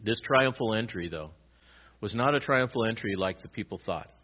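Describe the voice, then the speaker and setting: A man pastor preaching a sermon, swinging between loud emphatic lines and quiet low ones. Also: animated, moderate pace, dull audio.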